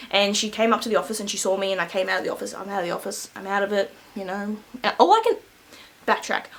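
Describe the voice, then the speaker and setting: A woman's voice: mid-range voice, a bit bright, rough recording. A young adult woman vlogger telling a school story casually, rambling with lots of fillers and frequent laughs. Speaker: beauty vlogger.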